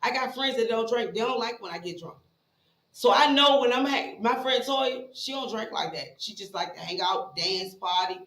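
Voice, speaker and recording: A woman's voice: a little high, animated, normal speed, fairly bright tone, echoey room, rough recording. A woman in her forties from Richmond, talking casually as a live stream guest in a blunt, profane, heated way. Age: 40s. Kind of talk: casual chat.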